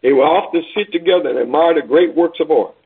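Male preacher, deliberate storytelling sermon, husky voice, phone-quality sound. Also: fairly high pitch. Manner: deliberate, dramatic reading. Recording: tinny phone-like recording.

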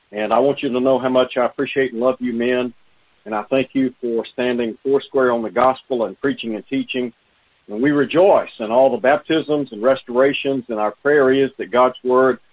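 A man preaching a sermon, his voice raspy from a cold, quoting scripture in a measured way. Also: medium pitch. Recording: tinny phone-line audio.

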